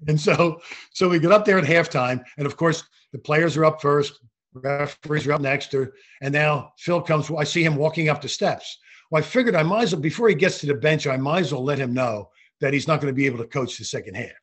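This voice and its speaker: Older guy, ex ref, telling stories, slightly high voice, keeps restarting sentences. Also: fairly quick, slightly rough. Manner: animated anecdotal storytelling with frequent restarts. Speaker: retired basketball referee. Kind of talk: storytelling interview.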